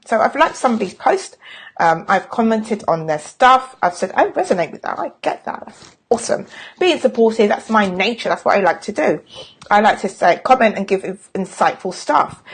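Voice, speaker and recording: Husky, chatty woman sales coach. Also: medium pitch. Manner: chatty and frank, with self-mocking jokes. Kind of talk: casual live stream talk.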